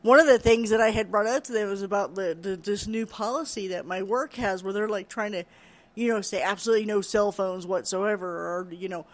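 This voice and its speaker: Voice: medium pitch, fairly quick. A middle-aged vlogger ranting casually to camera, rambling and chatty, often breaking into laughter.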